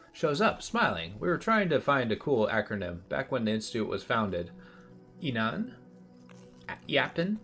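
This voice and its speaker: A man's voice: mid-range voice, a bit bright. A man streaming a puzzle game, commenting casually and reading the on-screen text aloud with offhand remarks.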